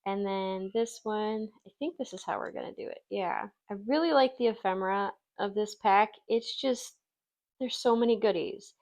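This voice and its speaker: A woman's voice: mid-range voice, moderate pace, darkish tone. A woman from Wisconsin hosting a casual crafting tutorial, chatty and self-deprecating, laughing easily as she works. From Wisconsin, USA. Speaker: craft channel host.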